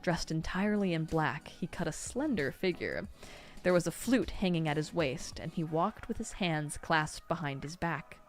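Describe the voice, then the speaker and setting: A woman reading a novel aloud on a stream, expressive and sometimes laughing. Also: low voice, normal speed. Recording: faint music behind.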